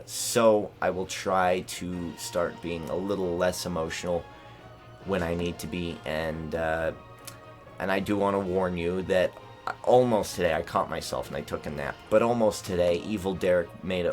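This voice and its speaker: A man rambling through an emotional vlog update, restarting his sentences often. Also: low voice. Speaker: YouTuber.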